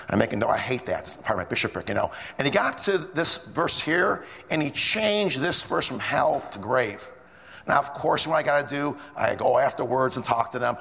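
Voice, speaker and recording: A man's voice: on the high side, creaky, fairly bright tone, long reverb tail. A man preaching a sermon in a casual storytelling way, repeating phrases as he goes.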